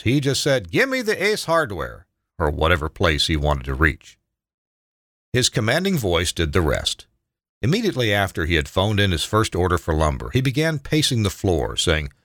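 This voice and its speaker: An older man reading his own memoir aloud in a measured, reflective way. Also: deep voice, a bit bright, no echo, clean studio sound.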